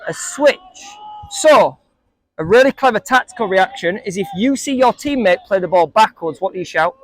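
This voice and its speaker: A man's voice: high-pitched, animated, moderate pace, no room sound. A man coaching a group of young football players, asking them questions and joking with them. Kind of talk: coaching talk to a group of kids.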